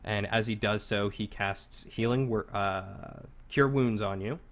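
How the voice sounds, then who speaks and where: A man narrating as game master in a tabletop game, describing scenes in a halting, loose way. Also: fairly low pitch, fairly bright tone.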